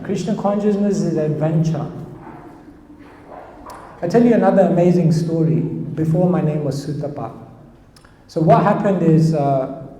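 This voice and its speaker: British monk chatting through stories, kinda high voice, big echoey hall, faint hiss. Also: male voice, warm tone. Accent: British English. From London, England. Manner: chatty, anecdotal, laughs as he tells stories. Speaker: monk and spiritual teacher. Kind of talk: storytelling sermon to a live audience.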